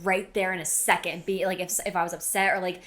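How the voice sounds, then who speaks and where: Young woman, podcast guest, animated rambling chat. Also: fairly low pitch, quick pace. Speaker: podcast guest, host's best friend. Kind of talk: casual chat. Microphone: podcast mic.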